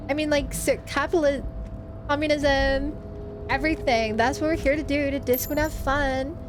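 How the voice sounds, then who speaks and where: Woman doing a ditzy valley girl, high voice, slangy, like-every-other-word. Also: natural voice. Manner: peppers every sentence with "like" and slang. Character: bubbly young valley girl, ditzy and chatty. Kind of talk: put-on voice for a stream reward.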